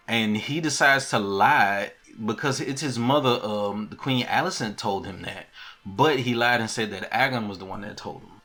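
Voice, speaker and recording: A man recapping a TV episode in casual commentary, animated and laughing, acting out the scenes. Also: medium pitch, moderate pace. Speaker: TV show recap reviewer.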